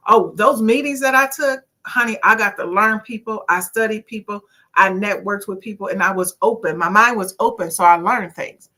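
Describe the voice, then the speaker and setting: Woman livestream host, bright, expressive storyteller, casual commentary. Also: on the high side. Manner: animated, expressive storytelling with frequent asides.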